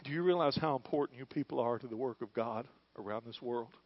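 A middle-aged male pastor preaching a sermon in church, moving between quiet, hushed lines and loud, fervent calls. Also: medium pitch, fast, no echo, highs cut off. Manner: preaching, swings from hushed to shouting.

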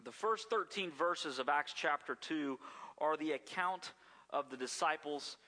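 A man's voice: fairly high pitch, measured pace, bright, forceful tone, in a large hall. A man preaching a sermon as pastor, telling stories in a folksy way with frequent restarts and repeated words.

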